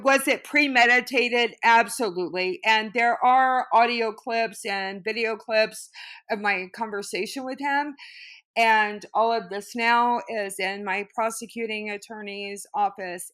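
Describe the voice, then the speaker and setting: A woman's voice: medium pitch, fairly bright tone. A woman actress telling an upsetting personal story in an interview, agitated and swearing, with many fillers. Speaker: actress and guest.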